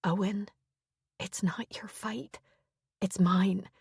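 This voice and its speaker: A woman's voice: mid-range voice, steady tone, normal speed, creaky, breathy edge, no room sound, clean studio sound. A woman whispering as anxious Hannah, whispered role-play. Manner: hushed, tearful whispering. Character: Hannah, a worried young woman guardian.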